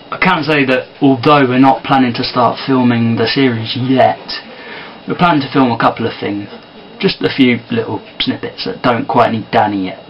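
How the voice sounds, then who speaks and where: Man, casual vlog, quiet, soft-spoken, tired, dull lo-fi sound. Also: medium pitch, a little hiss or hum. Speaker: vlogger and amateur filmmaker.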